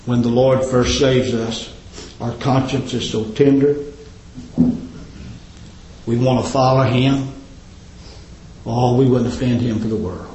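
A man preaching a sermon, impassioned and swinging up into high, ringing exclamations. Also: fairly even intonation, slow pace, pauses often, warm tone, a little hiss or hum. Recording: roomy, slightly dull recording.

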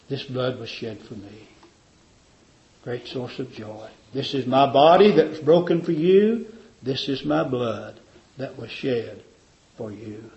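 A man's voice: medium pitch, darkish tone, dull audio. A man preaching a communion sermon in a fervent, repetitive cadence.

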